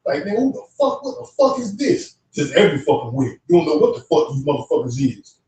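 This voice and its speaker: A man with a somewhat high voice tears into a heated, profane religious rant as co-host. He sits some distance from the microphone in a strongly echoing room. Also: sing-song, fairly quick, warm tone. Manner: profane, fiery ranting. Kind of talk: heated religious stream talk. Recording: echoey room, away from the mic.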